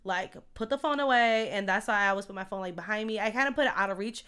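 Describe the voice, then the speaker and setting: A woman co-hosting a casual chat, chatty and quick to laugh, who says she talks fast. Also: medium pitch, fairly bright tone, clean tone. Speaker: co-host.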